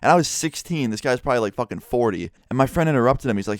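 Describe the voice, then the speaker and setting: A young man vlogging a casual, animated storytime, swearing freely. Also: mid-range voice, fast talker, few pauses, no echo, studio quality.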